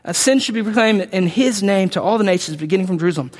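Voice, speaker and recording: A man preaching a sermon, reading scripture aloud and breaking off into animated, excited commentary. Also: sits high, fast, few pauses. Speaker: pastor. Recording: long hall reverb.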